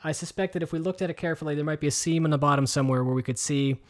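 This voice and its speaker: Racing along in a fairly high voice, this man co-hosts a casual podcast from his kitchen. He wears a headset mic with headphones and rambles, full of fillers and restarts.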